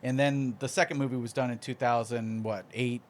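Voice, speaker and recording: A man co-hosting a podcast, telling rambling, excitable stories in a casual studio chat. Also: mid-range voice, a little fast, a little hiss or hum. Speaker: podcast co-host.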